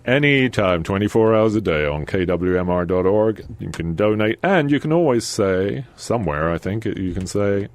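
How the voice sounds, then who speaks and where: A man's voice: fairly low pitch, expressive, normal speed, hardly any pauses. A man co-hosting a community radio call-in show, chatting playfully through a pledge drive and asking for donations. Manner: playful, slips into mock accents. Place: radio studio.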